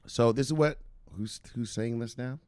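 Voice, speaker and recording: A man's voice: medium pitch, normal speed, darkish tone, clear, resonant tone, no room sound. A man hosting casual crypto news commentary, reading headlines aloud and rambling off into laughing, profane asides.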